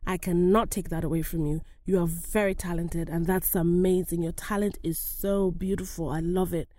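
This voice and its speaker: A woman voicing a smooth-talking, condescending female talent agent who talks in a patronizing way. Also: on the low side, fairly even intonation, moderate pace, mellow, dry recording, clean studio sound, close to an everyday voice. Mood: flattering. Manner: patronizing, sweet then blunt.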